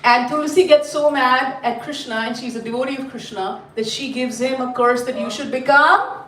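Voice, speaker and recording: A woman from India, telling a story to a class in an animated, chatty way and quizzing her listeners. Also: high-pitched, moderate pace. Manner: animated, chatty, asks the group questions. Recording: roomy, mic at a distance.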